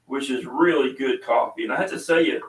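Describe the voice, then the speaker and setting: Middle-aged man, laid-back rambling host, mid pitch, roomy sound with the mic some distance off. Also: fairly quick. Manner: rambling, chatty storytelling with many fillers. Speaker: podcast host and small coffee seller. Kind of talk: casual chat. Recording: roomy echo, voice away from the mic.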